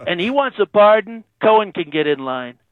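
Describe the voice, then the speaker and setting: A man's voice: sits high, sing-song, normal speed, no room sound. A man impersonating a bragging president on the phone. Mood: boastful. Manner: boastful, repeats phrases for emphasis. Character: boastful brash male president, self-praising. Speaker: phone-in guest. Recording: tinny phone line.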